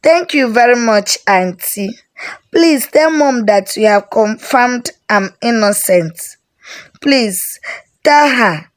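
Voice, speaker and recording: A frightened teenage girl pleads through tears, her voice lifted high and earnest, as a woman storyteller puts her on. The stays plain under the raised, youthful tone. She speaks slowly and begs to be believed. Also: animated. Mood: relieved. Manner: tearful, pleading.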